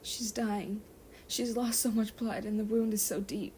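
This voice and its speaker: A woman reads the part of an anxious female medic, caring and worried, in a read-aloud fan story. She speaks with a hushed, breathy tone that stays mellow and dark, over a faint room hum. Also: medium pitch, level tone, measured pace, close to an everyday voice. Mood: tearful.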